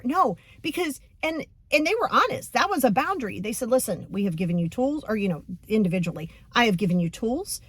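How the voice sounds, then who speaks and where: A woman's voice: on the high side, fairly quick, hardly any pauses, breathy edge, no echo. A young adult woman hosting a podcast as a coach, talking bluntly and casually, acting out quotes as she tells a story. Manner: blunt, animated, acts out quoted voices. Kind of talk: casual motivational podcast talk.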